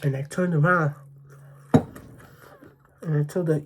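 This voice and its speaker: A woman speaks to her viewers in a low, slow voice, telling her story casually and emphatically. She repeats phrases and keeps asking "you know what I mean?". A faint hum sits under the recording. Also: fairly even intonation. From the Bronx, New York. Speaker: mukbang vlogger.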